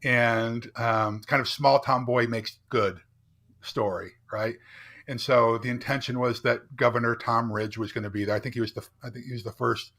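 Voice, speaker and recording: His pitch is medium and his intonation fairly even, with a moderate pace and a fairly bright tone. The middle-aged founder and keynote speaker recounts a candid personal story for a podcast interview, earnestly building up and checking in often with a rhetorical "right?".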